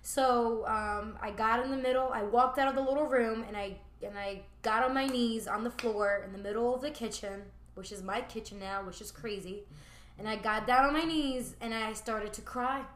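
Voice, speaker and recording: Slangy woman telling a story, voice a bit high, echoey room. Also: normal speed. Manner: animated, slangy, lots of "like". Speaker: juice bar owner. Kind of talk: storytelling in casual podcast chat. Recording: roomy echo.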